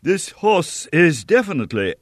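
Guy voicing a cool sneery middle-aged gent, quiet and supercilious, storybook. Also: on the high side, very animated, normal speed, no room sound, clean studio sound, pitched above the performer's own voice. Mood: contemptuous. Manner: quiet, supercilious, amused contempt. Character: composed, sneering middle-aged gentleman, contemptuous.

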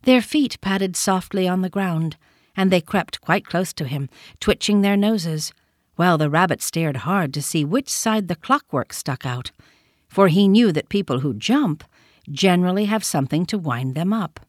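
A woman narrating a children's storybook in a gentle, measured reading. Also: lowish voice, lively intonation, dry recording, clean studio sound.

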